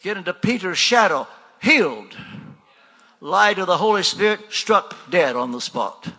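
An older male preacher with a gravelly, raspy voice that is bright and tense in tone. He talks through his sermon conversationally, posing questions and answering them himself. Long reverb from a large hall trails each phrase. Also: sits high, expressive, a little slow. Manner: conversational, rhetorical questions and repeated refrains.

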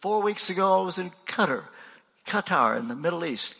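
A man's voice: sits high, animated, normal speed, creaky, bright, forceful tone, husky, in a large hall. An older man preaching a sermon in a conversational way, asking rhetorical questions and repeating refrains.

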